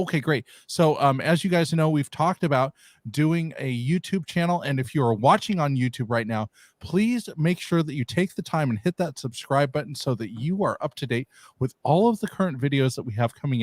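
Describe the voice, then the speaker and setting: A man's voice: medium pitch, a little mellow, dry recording, clean studio sound. A man from California hosting a live stream, upbeat and rambling, laughing often. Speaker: podcast host. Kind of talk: casual live-stream chat.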